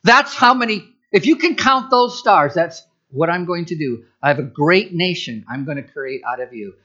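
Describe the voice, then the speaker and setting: A man's voice: a little high, animated, normal speed, bright, forceful tone, muffled recording. A man voicing God as a patient, encouraging male figure, coaxing and pointing things out.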